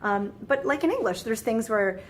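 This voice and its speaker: A chatty woman walks through a grammar lesson with a slightly high voice and easy, filler-heavy speech. She drops in playful, exasperated asides. A faint hiss sits under the recording. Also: animated, moderate pace. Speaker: French teacher. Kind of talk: casual screen-recorded lesson.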